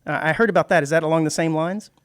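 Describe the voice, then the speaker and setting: A man's voice: fairly high pitch, fast talker, dry recording, studio quality. A man co-hosting a radio show, explaining at length in casual chat with many restarts. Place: radio studio.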